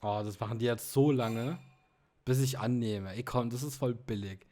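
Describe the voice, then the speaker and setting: A man's voice: mid-range voice, fairly even intonation, normal speed, warm tone. A man casually commenting on a video game, muttering and getting frustrated. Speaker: let's player. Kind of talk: gameplay commentary.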